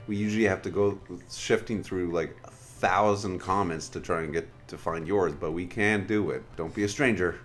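A man joking around with his co-host while they play a golf video game. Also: on the low side. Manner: joking, playful, laughs often. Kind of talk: casual gaming banter.

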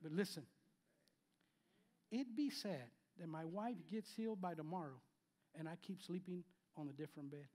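A pastor in his fifties preaches with a high voice for a man. He swings between loud, emphatic lines and quiet asides, and he repeats key phrases as he goes. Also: normal speed, long pauses. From Spanish-speaking background. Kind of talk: sermon. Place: church sanctuary.

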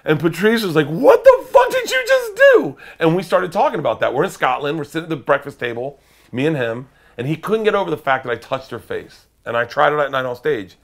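Man, comedian, animated storyteller, swinging pitch, profane. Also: quick pace, creaky. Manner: lively, profane, acts out voices. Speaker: comedian guest.

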